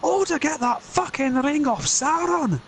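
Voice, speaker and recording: A man voicing a furious, swearing Scottish fantasy warrior in a mock Scottish accent, ranting and shouting. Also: very high-pitched, animated, a little hiss or hum, pitched above the performer's own voice. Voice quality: shouting, sweary, drawn-out rants.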